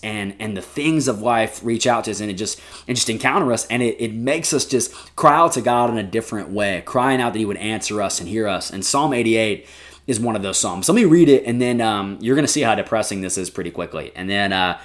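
A man's voice: on the low side, brisk. Chatty male youth pastor. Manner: energetic, chatty, many fillers like "man" and "like". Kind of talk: casual devotional talk.

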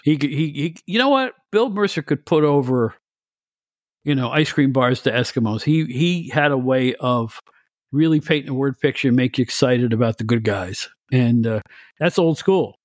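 A man chatting on a podcast as a guest, telling stories in an animated, opinionated way with frequent restarts. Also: medium pitch, moderate pace, dry recording, clean studio sound. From United States. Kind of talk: casual chat.

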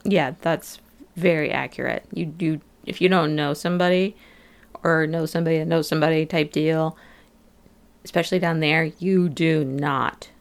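A woman with a low, gravelly voice recaps an episode in a relaxed podcast chat. She talks loosely, full of fillers, and slips into little acted-out quotes. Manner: chatty, many fillers, acts out quotes of locals. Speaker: podcast co-host.

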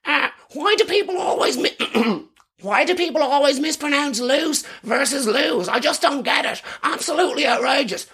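Irish man doing a prissy high-voiced pedant. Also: lively intonation, normal speed, fairly bright tone, heavily acted. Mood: indignant. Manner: prissy, indignant. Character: fussy high-voiced male rebel pedant hiding in a ditch.

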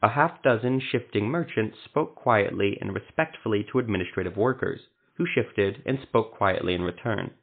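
A man narrating a fantasy story in a steady, descriptive reading style. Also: lowish voice, moderate pace, vocal fry, few pauses, slightly rough. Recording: phone-like narrow sound.

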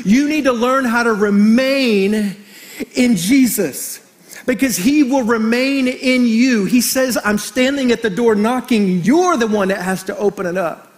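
A middle-aged man preaching a sermon as pastor, animated and storytelling, joking with the congregation. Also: very high-pitched, a little slow.

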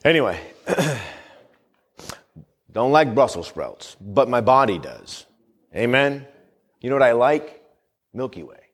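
A male pastor preaching a sermon with fervent emphasis. He reads scripture slowly and solemnly, breaks into folksy humorous asides, and keeps asking the congregation "Amen?". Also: mid-range voice, sing-song. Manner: reads scripture aloud in a slow, solemn cadence.

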